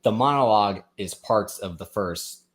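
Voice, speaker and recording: Very deep-voiced man in casual chat. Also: moderate pace, noisy background. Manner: rambling, retells stand-up bits with many likes and ums. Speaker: podcast co-host.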